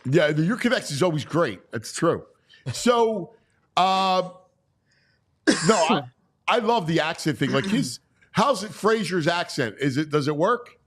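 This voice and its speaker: A man hosting a casual sports talk show, loud and jokey in his banter with guests. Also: fairly high pitch, sing-song, a little slow. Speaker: show host.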